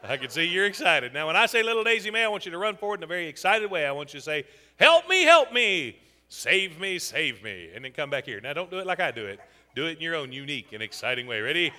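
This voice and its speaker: A man hosting a comedy show, teasing audience members in a loud, folksy way. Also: fairly high pitch, expressive, very fast. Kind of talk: audience participation stand-up. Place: theater stage with live audience. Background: audience laughter.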